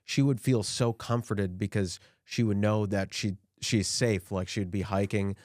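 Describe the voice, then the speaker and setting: A man's voice: on the low side, steady tone, unhurried, a little mellow, no room sound, clean studio sound. A man co-hosting a comedy podcast, casually riffing and laughing as he tells a bit. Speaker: podcast co-host.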